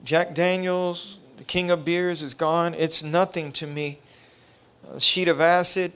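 Male pastor, revival preacher; smooth voice, impassioned delivery that climbs in intensity. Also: on the high side, fairly even intonation, measured pace. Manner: impassioned, rising to near shouting; preacherly cadence with repetition. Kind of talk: revival sermon testimony.

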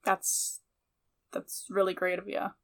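A woman playing a tabletop game in character, speaking softly and uncertainly. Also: medium pitch, completely flat delivery, slow, gravelly. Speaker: player.

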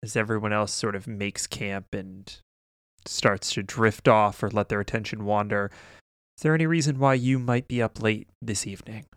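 A man narrating a tabletop game as game master, relaxed and joking, laughing often. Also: on the low side, normal speed, clear, resonant tone, no echo, studio quality.

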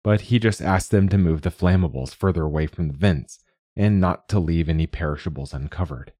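A man hosting and narrating a short story in a calm, measured way. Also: low-pitched, no room sound, clean studio sound. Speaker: host and narrator.

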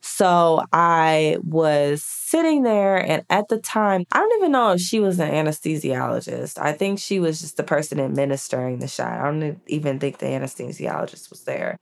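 A woman with a notably low voice speaks as a podcast guest. She tells personal stories in a relaxed, chatty way, and "like" fills her pauses often. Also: gravelly. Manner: chatty, frequent "like" fillers. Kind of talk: casual conversational storytelling.

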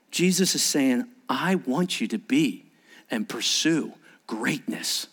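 A man's voice: mid-range voice, lively intonation, takes it slowly, a bit bright. A man preaching a sermon as a pastor, talking conversationally, asking rhetorical questions and acting out quoted speech. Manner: acts out quoted speech in varied voices.

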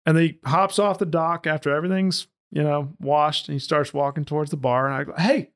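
A boat captain tells a casual story with lots of energy, acting out each line of dialogue. His voice sits a little high for a man. The delivery is loose and conversational. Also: a little fast. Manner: animated, jumps into quoted dialogue.

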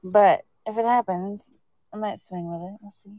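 A woman calling in to a chat show, with a soft, calm and relaxing voice and a laid-back way of talking. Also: mid-range voice, normal speed, no echo. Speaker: caller on the phone line. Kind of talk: casual chat.

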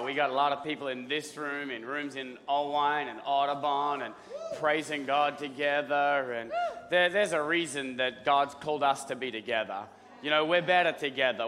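Hoarse pastor preaching. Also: male voice, mid-range voice, normal speed. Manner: energetic, rallying the congregation, clears his throat often. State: hoarse, rough voice. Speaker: lead pastor. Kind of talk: sermon. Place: church auditorium. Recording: hall reverb with faint music.

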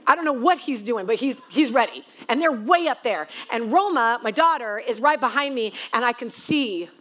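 A woman's voice: on the high side, expressive, moderate pace, a bit bright. A woman guest pastor giving a sermon, telling a story in a chatty, self-mocking way.

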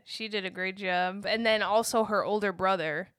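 A woman co-hosting a casual movie review podcast, reacting with quick exclamations. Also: mid-range voice, fairly even intonation, fairly bright tone, dry recording, studio quality. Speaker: podcast co-host.

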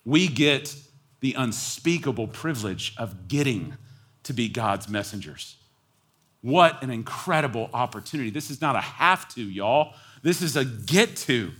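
A man preaching a sermon as pastor, moving between quiet, low asides and loud, high, near-shouted emphasis. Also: a little slow, husky. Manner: animated preaching, swings from hushed to near-shouting.

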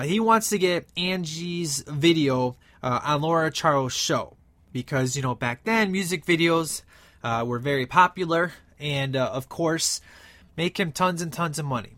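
A man's voice: on the high side, no echo. A man hosting a podcast, giving a casual, rambling retelling of a movie with lots of fillers. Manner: animated, acts out movie quotes in between. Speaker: podcast host.

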